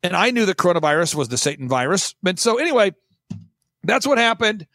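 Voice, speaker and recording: Emphatic male storyteller, raspy, lively and dry in sound. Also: high voice, no echo. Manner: emphatic, punchy, quick bursts of mimicry. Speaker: guest speaker. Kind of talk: animated storytelling on a talk show.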